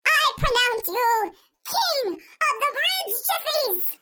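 A giant storybook alien making grand proclamations in a piercing, squeaky high voice that swoops wildly and drags out each word. The sound is bright and close, with no room around it. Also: female voice, very animated, slow, no echo, full character voice. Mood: proclaiming. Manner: booming proclamations.

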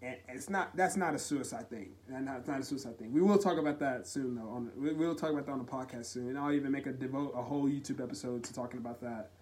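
A man's voice: mid-range voice, darkish tone. Earnest young man on a confessional podcast. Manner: earnest, halting, emotional, heartfelt. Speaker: podcast host. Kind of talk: solo confessional podcast talk.

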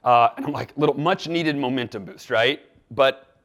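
A man guest on an interview show, telling a story in a lively way and acting out the quoted dialogue. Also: mid-range voice, normal speed. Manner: animated, acts out quoted dialogue with lively swings in loudness. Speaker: podcast guest.

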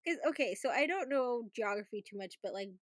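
A woman's voice: fairly high pitch, lively intonation, a little fast, no echo, studio quality. A woman co-hosting a podcast, chatting casually about a film with many fillers and frequent laughter. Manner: chatty, lots of "like", laughs often. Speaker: podcast co-host. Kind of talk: casual movie review chat.

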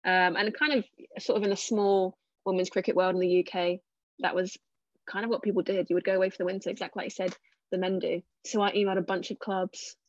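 A woman's voice: mid-range voice, level tone, fast, no room sound. Young English woman, interview guest, chatty and modest, dull dry sound. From England. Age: 20s. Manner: chatty, self-deprecating, many fillers. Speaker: cricketer guest. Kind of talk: casual interview answers.

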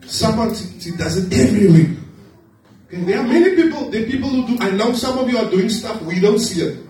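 A man preaching a sermon to his congregation, lively and joking with them. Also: high voice, a little fast, faint music behind. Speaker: pastor. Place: church hall. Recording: echoey hall, distant mic.

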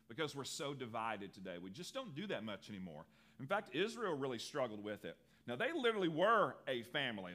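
Lively, bright-voiced male pastor preaching. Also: mid-range voice. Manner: animated, acts out quotes in lively voices. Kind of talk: sermon.

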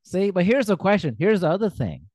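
A man's voice: high-pitched, very animated, a little fast, a little mellow, dry recording, studio quality. An American man hosting a podcast, asking curious questions and teasing his guest with a ready laugh. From United States. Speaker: podcast host. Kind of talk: casual interview chat.

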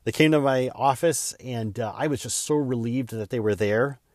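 A man, a real estate agent, telling a heartfelt personal story in an earnest way that speeds up and slows down with emotion. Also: medium pitch, darkish tone, no room sound, studio quality.

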